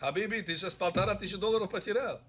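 High-voiced rabbi telling lively stories. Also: male voice, rapid-fire, husky. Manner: animated, acts out dialogue in stories. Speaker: rabbi teaching a class. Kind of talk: storytelling Torah class.

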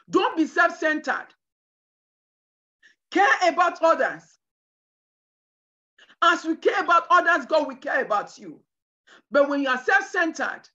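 A woman preacher delivering a sermon with emphatic, shouted bursts. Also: high voice, lo-fi sound. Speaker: preacher at a women's conference.

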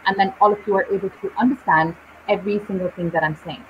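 A woman teaching English in a live online session, speaking slowly and deliberately with clear pauses between words. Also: medium pitch, slight background noise. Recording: dull lo-fi live stream audio.

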